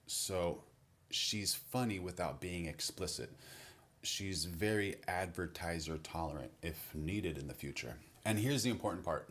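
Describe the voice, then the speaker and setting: Deep-voiced male commentator, wry, measured comedy monologue. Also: fairly bright tone.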